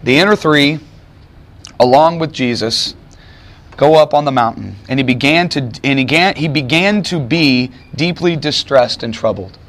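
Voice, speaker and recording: This man is preaching a sermon on a Bible passage, his voice medium-pitched and a bit bright. He leans on emphatic rhetorical questions and deliberately slows down for emphasis.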